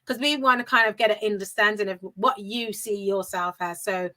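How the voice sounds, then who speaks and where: A woman's voice: medium pitch, fairly quick, pushed and bright. A woman co-hosting an interview podcast, chatty and teasing with easy laughter. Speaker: podcast co-host.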